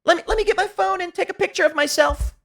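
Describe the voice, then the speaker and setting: A man's voice: very high voice, fast, gravelly, fairly bright tone, voice pushed up, heavily acted. A man voicing a whiny young woman mugging for a selfie, in an exaggerated mocking tone.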